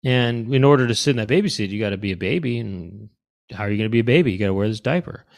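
A man's voice: lowish voice, animated, rapid-fire, gravelly. A man co-hosting a comedy podcast, riffing in casual chat with playful bits. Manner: joking, riffs with playful bits and laughs. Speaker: podcast co-host.

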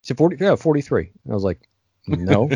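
A man's voice: medium pitch, big pitch swings, brisk, warm tone, slightly rough, no echo. A man in his forties in a casual podcast chat who tells stories and acts out the lines of the people in them. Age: 40s. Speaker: podcast co-host.

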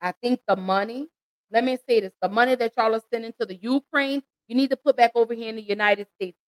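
A woman's voice: a little high, fast, no room sound, low-quality recording. A woman hosting an emotional commentary, pleading and impassioned as she talks straight to her listeners. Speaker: host.

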